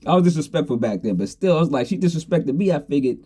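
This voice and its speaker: A middle-aged man spins a story in a relaxed, slangy way, often laughing between lines. His voice is mellow and dark, with a husky edge. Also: on the high side, quick pace. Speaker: storyteller host. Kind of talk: casual storytelling.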